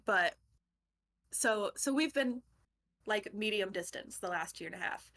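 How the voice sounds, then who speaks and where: A woman's voice: mid-range voice, unhurried, pushed and bright. A young woman chatting casually as a book club podcast co-host. She rambles, laughs often and drops swear words without thinking about it. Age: young adult.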